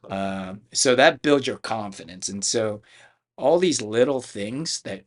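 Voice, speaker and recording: A man's voice: lowish voice, expressive, slow pace. A middle-aged man from Philadelphia, a karate school owner, telling his life story as a podcast guest in a chatty, rambling way with many restarts. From Philadelphia, United States. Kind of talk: casual storytelling interview.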